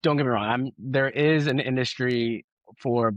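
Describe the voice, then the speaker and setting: A man who is a guest and former policy official, giving measured, explanatory interview answers and often checking in with "right?". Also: medium pitch, dry recording, muffled recording.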